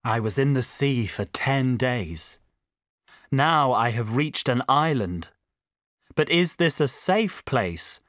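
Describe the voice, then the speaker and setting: A weary shipwrecked hero. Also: male voice, mid-range voice, lively intonation, slow pace, a bit bright, no echo, studio quality. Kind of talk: coursebook audio drama.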